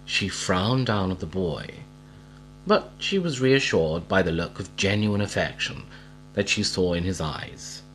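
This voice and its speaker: A man reading a storybook aloud in a slow, expressive storytelling manner. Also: low-pitched, soft background music, low-quality recording.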